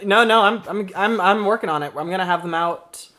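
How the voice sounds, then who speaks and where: A man's voice: sits high, brisk, heavy background noise. A man co-hosting a comedy improv podcast, joking around in playful, teasing banter and laughing often. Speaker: podcast co-host.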